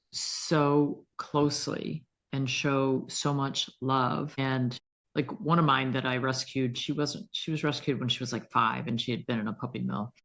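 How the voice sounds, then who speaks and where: Woman, veterinarian guest, animated storyteller, conversational. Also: extremely low pitch. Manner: animated, vivid storyteller who acts out quotes.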